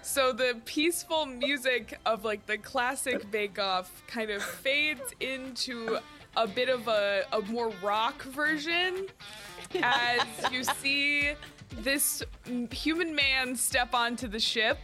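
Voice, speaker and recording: High bright woman narrating a tabletop game. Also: takes it slowly, soft background music. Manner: descriptive, storytelling. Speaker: player. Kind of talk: tabletop role-play narration.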